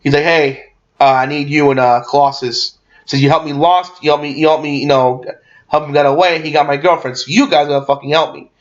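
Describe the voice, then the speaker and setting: Excitable young man on a dull lo-fi mic. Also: on the high side, brisk. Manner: excitable, full of fillers and restarts, swears freely. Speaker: movie reviewer. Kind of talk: rambling casual movie recap.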